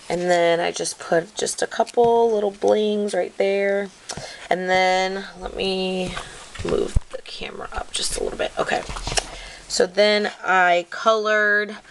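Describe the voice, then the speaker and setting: A woman's voice: fairly low pitch, a little hiss or hum. A woman casually walking through her scrapbook craft project, rambling with lots of "like" and "um". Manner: rambling, many fillers like "like" and "um"; apologetic about filming mishaps. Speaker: craft video maker.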